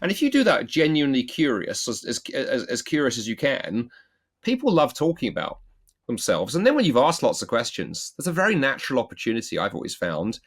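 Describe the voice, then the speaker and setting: A middle-aged man from the UK, a guest author telling lively anecdotes in an interview and acting out the quotes. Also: mid-range voice, fairly quick. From United Kingdom. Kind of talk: storytelling interview answer.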